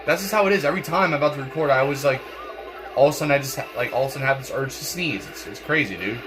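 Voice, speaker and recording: A man's voice: medium pitch, rapid-fire. A young man, stuffy and congested, rambling through casual gameplay commentary with lots of fillers and repeated words. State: congested, clearing throat. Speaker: gaming channel host. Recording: game music playing behind.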